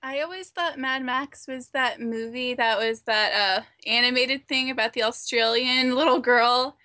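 Bright-voiced woman tossing in quips. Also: high voice, steady tone, moderate pace, dry recording, studio quality. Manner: short, giggly interjections. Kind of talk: casual movie chat.

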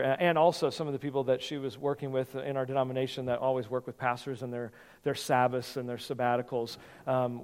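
A man preaching a sermon as pastor in a church, conversational and given to repeating words as he thinks. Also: medium pitch. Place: church sanctuary. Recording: long hall reverb.

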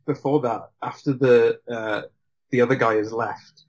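A man's voice: mid-range voice, steady tone, a little slow, dull audio. A man in casual conversation about a film, rambling with many restarts and frequent laughs.

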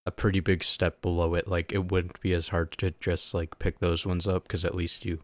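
A man's voice: sits low, level tone, normal speed, no room sound. A young man joking bluntly and casually about games over an online voice call. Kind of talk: casual gaming chat.

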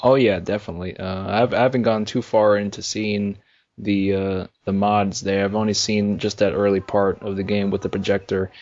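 Low-voiced man chatting about games. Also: little pitch movement, darkish tone. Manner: rambling, halting, many fillers. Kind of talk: casual chat about video games. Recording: dull lo-fi sound.

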